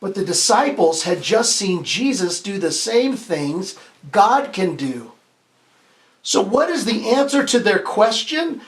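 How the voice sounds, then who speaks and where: Reading a children's picture book at a slow pace, this high-pitched pastor hosts story time with expressive, playful energy. He breaks in with questions for the kids, has them repeat lines back, and sometimes stumbles and restarts.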